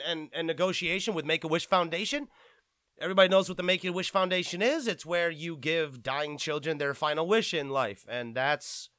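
High-voiced profane ranting man. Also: sharp tone, no echo. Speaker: podcast host. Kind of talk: ranting gaming podcast.

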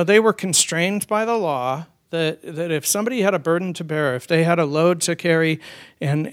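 A man's voice: fairly high pitch, clear, resonant tone. A man preaching a conversational sermon as pastor, telling personal stories with frequent restarts. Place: church.

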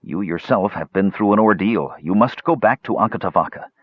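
A man voicing a humble half-elf man who speaks gently and softly, as in an audiobook. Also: on the low side, fairly quick, slightly rough, no room sound, narrow, tinny audio, voice pushed up. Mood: gentle. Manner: gentle, soft-spoken. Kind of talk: audiobook narration.

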